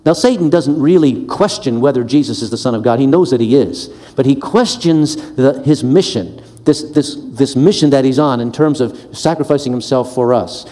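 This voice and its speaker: A man's voice: mid-range voice, moderate pace, few pauses, mellow, long reverb tail. A man teaching a Bible lesson in an earnest, emphatic way, sometimes restarting his words.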